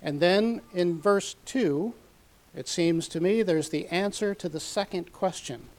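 Methodical male Bible teacher, slightly high voice. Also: darkish tone. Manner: measured, methodical, reads scripture aloud with emphasis. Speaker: preacher.

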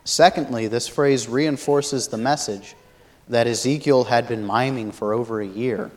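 A man giving a Bible study lecture, explaining a passage thoughtfully and pausing often to search for words. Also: mid-range voice, a little mellow. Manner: thoughtful, many fillers and restarts, explanatory. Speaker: Bible teacher.

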